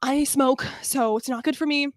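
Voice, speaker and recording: A woman's voice: high-pitched, fairly even intonation, normal speed. Breathless, blunt young woman streamer. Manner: blunt, self-deprecating, laughing. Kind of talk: casual chat.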